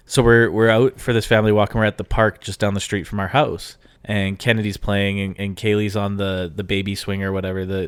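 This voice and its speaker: A man's voice: lowish voice, clean tone, dry recording, clean studio sound. A man from Canada co-hosting a podcast, telling a story in casual chat and mimicking the people in it. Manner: animated storytelling, mimics voices in quotes. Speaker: podcast co-host.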